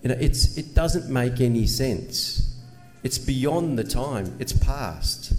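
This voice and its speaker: A man's voice: mid-range voice, lively intonation, takes it slowly, a little mellow. A man preaching a sermon in an earnest manner, asking rhetorical questions and pressing his points with emphasis. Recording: long reverb, faint ambient noise.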